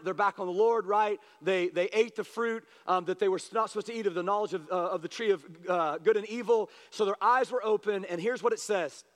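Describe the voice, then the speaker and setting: A man preaching a passionate sermon as pastor, building to loud, urgent appeals to his congregation. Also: high voice. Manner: impassioned, rising to shouted appeals. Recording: long hall reverb.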